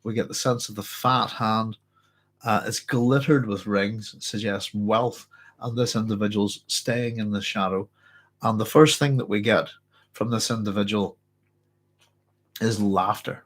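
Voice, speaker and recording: Congested host, a touch low, chatty, rambles through a book club talk. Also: male voice, normal speed. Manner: chatty, rambling, many fillers and restarts. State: congested, blocked-up nose. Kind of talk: casual book discussion with reading aloud.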